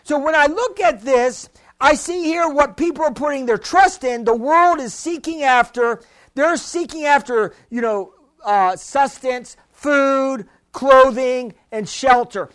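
A man's voice: very high-pitched, unhurried, fairly bright tone. A man preaching a sermon with fervent delivery, repeating phrases and calling on the congregation for response.

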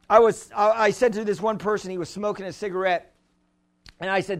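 A man preaching a sermon as pastor, repeating himself, chuckling through anecdotes and building to shouts. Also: sits high, fast talker. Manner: repetitive, rising to shouts at the congregation; conversational, tells anecdotes with chuckles.

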